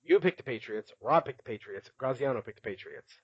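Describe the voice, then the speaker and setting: A man's voice: medium pitch, expressive, a little fast, husky, no room sound, dull audio. A man hosting a casual podcast, chatty and laughing often as he recaps, with many filler words. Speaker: podcast host.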